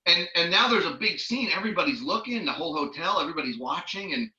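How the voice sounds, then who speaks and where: Male trainer with a bright, sharp voice who tells lively stories, recorded in an echoey, muffled room. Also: fairly high pitch, fast talker. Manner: lively storyteller who acts out the people he quotes. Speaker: network marketing trainer. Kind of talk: training talk with personal stories.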